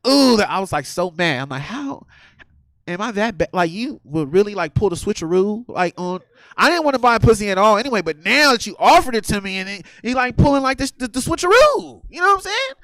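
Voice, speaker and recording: A man doing a crude, animated stand-up comedy set in a theater, laughing through his story. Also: high-pitched, dry recording.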